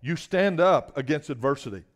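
A man preaching a sermon, moving between hushed asides and loud emphatic bursts and calling out to the congregation for a response. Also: on the high side, lively intonation, moderate pace.

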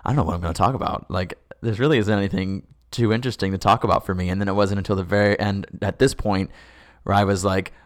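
A man co-hosting a podcast, chatting about a TV episode in a relaxed, chatty way. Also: sits low, quick pace. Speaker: podcast co-host. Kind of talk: casual show recap.

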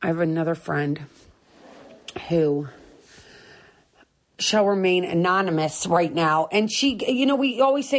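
A woman's voice: on the low side, measured pace, long pauses. A middle-aged woman hosting a sobriety talk, speaking in a candid, earnest and encouraging way that repeats its points. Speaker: sobriety podcast host. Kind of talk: candid personal monologue.

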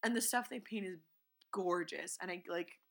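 Woman, podcast co-host, casual chat, bright clear tone, animated storytelling. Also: lowish voice, moderate pace. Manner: chatty, animated, acts out quotes in silly voices.

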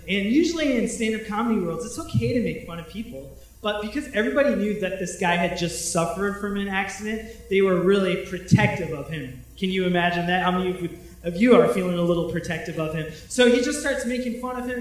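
Animated high-voiced pastor in an echoey hall. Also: male voice, brisk, distant mic. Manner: animated, shouting in punchlines and acting out quotes. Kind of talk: storytelling sermon. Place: large echoey hall, speaking from a stage.

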